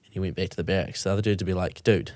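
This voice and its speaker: A man's voice: deep voice, level tone, very fast, darkish tone, no room sound. A man, hosting a podcast in casual chat, talking in loose, rambling runs with restarts and the odd swear word. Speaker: podcast host.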